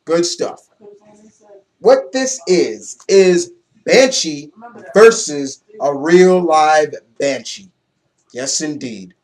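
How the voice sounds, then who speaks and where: A young man giving a casual, excitable comic book review, loose and swearing freely. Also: on the high side, drawn-out words.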